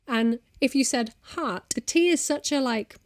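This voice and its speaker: A young woman with a British accent talks straight to camera in a chatty, self-mocking way. Her voice sits fairly high. The sound is dry and close, with no room echo. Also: moderate pace. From Britain. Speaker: YouTube host. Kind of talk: casual explainer to camera.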